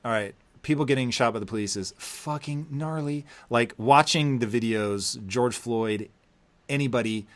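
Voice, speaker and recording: A man hosting a podcast interview, telling a story with lively acted-out quotes and plenty of swearing. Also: medium pitch, moderate pace. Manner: animated storyteller, acts out quotes, heavy swearing. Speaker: podcast host. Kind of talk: casual interview conversation.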